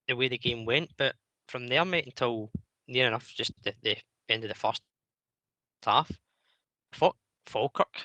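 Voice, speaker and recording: A man hosting a football phone-in, giving steady, matter-of-fact match analysis. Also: mid-range voice, no echo, poor audio. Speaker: radio show host. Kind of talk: casual football chat.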